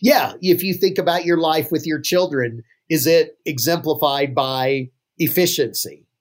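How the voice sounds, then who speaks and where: A man's voice: a little high, a little slow. A man, a pastor, telling anecdotes as a guest in a casual podcast interview, chuckling now and then. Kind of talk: conversational storytelling interview.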